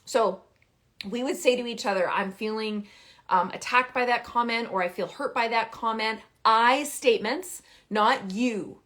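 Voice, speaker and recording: A woman giving parenting advice in a live stream, talking emphatically and repeating key phrases, with big jumps in pitch and loudness. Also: a little slow. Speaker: parenting coach.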